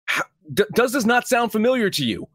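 A man co-hosting a casual sports betting podcast, animated and profane, rambling with restarts. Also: very high voice, a little fast, no echo, studio quality. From Irish heritage. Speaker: podcast co-host.

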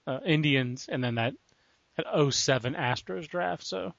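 A man hosting a podcast, chatting casually with halting starts and restarts. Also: fairly high pitch, gravelly, fairly bright tone, dry recording. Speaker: podcast host. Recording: dull lo-fi dry podcast audio.

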